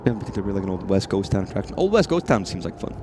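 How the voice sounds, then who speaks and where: A man's voice: sits low, big pitch swings, racing, background noise. A man streaming a horror game, rambling and swearing freely as he talks to the things on screen. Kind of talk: casual live-stream commentary.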